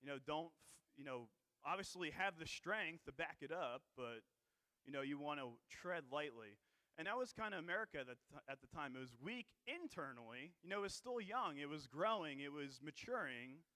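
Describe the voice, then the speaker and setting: A man preaching in church with a bright, forceful tone and a slightly high pitch. He talks conversationally, with plenty of fillers and "right?" checks, and keeps clearing a dry throat. The sound is close and dry. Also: expressive, normal speed, no echo. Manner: conversational, many fillers and tag questions. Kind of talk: sermon.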